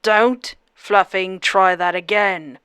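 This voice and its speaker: A woman voicing a menacing, flirtatious male kidnapper who speaks in a slow, teasing way. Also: mid-range voice, no echo, studio quality, close to an everyday voice. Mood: teasing menace.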